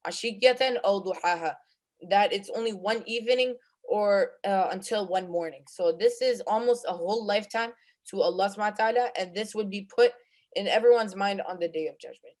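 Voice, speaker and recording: A man's voice: sits high, a little fast. A male presenter who recites Arabic Quran verses, then explains them in English, with frequent fillers and restarts. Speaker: student presenter of Quran commentary.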